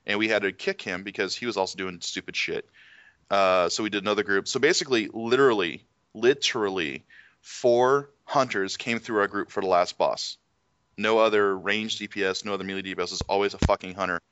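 A man's voice: fairly low pitch, a little fast, a bit bright, smooth, dry recording. A man co-hosting a casual gaming chat, telling stories and ranting with a lot of swearing. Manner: profane, ranting storyteller. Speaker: podcast co-host. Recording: dry, slightly dull lo-fi audio.

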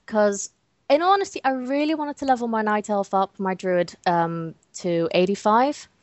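Woman from Britain, podcast guest, casual and halting, dry close recording. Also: mid-range voice, no echo. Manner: hesitant, many ums and restarts.

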